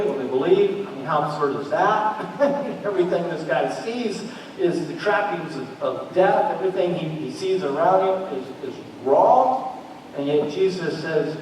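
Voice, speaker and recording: Male pastor, high voice, lively storyteller, very roomy church hall, mic at a distance. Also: noisy background. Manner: animated storytelling, acts out quoted voices. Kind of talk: sermon.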